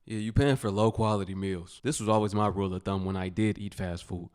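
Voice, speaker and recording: A man's voice: on the low side, fairly even intonation, fairly quick, darkish tone, clear, resonant tone. A man hosting his channel, giving casual, laid-back commentary and talking straight to his viewers. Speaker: channel host reacting to a clip.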